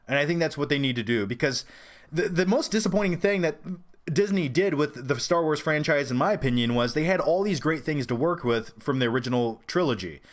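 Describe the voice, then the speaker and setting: Chatty, opinionated man, somewhat high voice. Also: lively intonation, a little fast. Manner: rambling, opinionated, with frequent restarts and fillers. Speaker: host of a film review channel. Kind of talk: casual live-stream Q&A chat.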